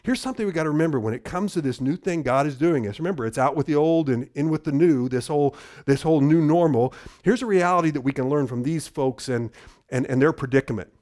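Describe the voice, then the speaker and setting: A middle-aged pastor with a fairly high-pitched voice preaches a sermon as a story. He trips over his words and repeats them, then drops to a low, hushed voice for the key lines. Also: fast talker.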